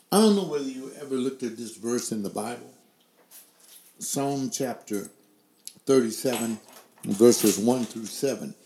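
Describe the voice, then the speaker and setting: His voice sits at a medium pitch, warm and expressive, with an unhurried pace and long pauses, and the sound is roomy. He's an older webcast host giving opinion commentary, piling up rhetorical questions into a desk microphone that he later sets further back.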